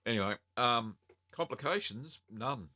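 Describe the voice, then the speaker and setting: An Australian man hosting a casual live-stream Q&A from home, reading out viewer comments and answering in a relaxed, chatty way with many ums. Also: medium pitch, measured pace. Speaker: host answering viewer questions.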